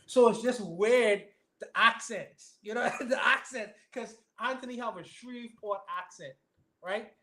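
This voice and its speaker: A man's voice: very high-pitched, a little slow, sharp tone. A man from the Caribbean with a Bahamian accent, musing casually in an online group discussion and repeating his words as he starts. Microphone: online call.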